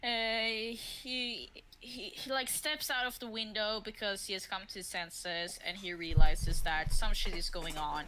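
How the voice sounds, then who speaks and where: A woman's voice: medium pitch, steady tone, measured pace, few pauses, sharp tone, a little hiss or hum, poor audio. A woman running a tabletop game as game master, laid-back and swearing often, laughing along with her players. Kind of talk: narrating a tabletop game with crude humor.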